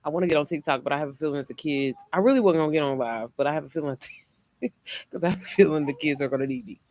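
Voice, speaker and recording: A woman's voice: sits low, racing, darkish tone, dry recording. A woman hosting a casual livestream from home, rambling and often repeating herself as she chats with viewers. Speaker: online business creator hosting a livestream. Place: at home, indoors.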